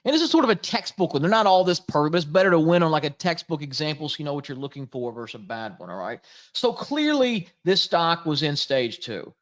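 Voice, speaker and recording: A man's voice: fairly high pitch, very animated, quick pace, highs cut off. A man presenting a live trading webinar, chatty and jokey, greeting viewers in the chat as he goes.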